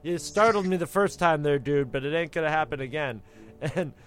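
A man's voice: fairly high pitch, brisk, fairly bright tone. Man rambling through a laughing movie chat. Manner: rambling, laughing, profane storytelling. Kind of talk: casual movie commentary chat.

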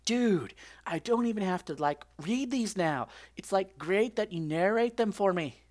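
A man's voice: mid-range voice, animated, a little slow, voice pushed down, close to an everyday voice. A man voicing a laid-back young male surfer dude who drawls and keeps saying "like". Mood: mellow.

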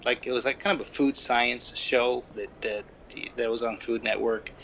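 A man telling stories in a casual podcast chat, animated and swearing freely. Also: mid-range voice, normal speed, gravelly, dull audio, a little hiss or hum. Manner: animated storyteller, acts out quotes, swears freely. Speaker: podcast co-host.

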